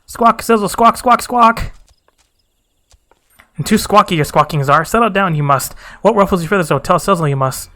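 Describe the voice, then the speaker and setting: A squawking birdman from a fantasy game, proud and excitable, twisting his sentences backward, as a man puts him on. The voice sits high and bright. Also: moderate pace. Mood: excited. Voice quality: squawks, backward word order.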